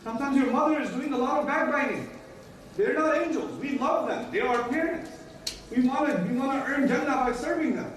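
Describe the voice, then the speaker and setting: High-voiced man lecturing in an echoey room. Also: brisk. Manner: emphatic, repeats key lines, acts out everyday dialogues. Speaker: Islamic teacher. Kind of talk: religious lecture. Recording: echoey room, distant mic, faint noise.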